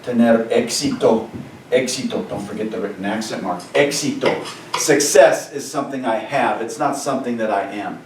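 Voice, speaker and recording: A male Spanish teacher giving a lesson, animated and joking, who keeps repeating key phrases and checking with "right?". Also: fairly low pitch, reverberant, far from the mic, a little hiss or hum, poor audio. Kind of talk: classroom lesson over a video call. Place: classroom or room with a board.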